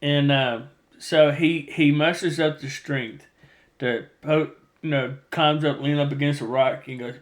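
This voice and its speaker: A man talking casually as a podcast host, walking through a book's plot in a loose, rambling way. His voice sits a bit higher than most men's, and he slips into little character voices when he quotes someone. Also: fairly even intonation, measured pace. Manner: rambling storyteller, acts out quoted lines. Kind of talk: casual chat retelling a novel.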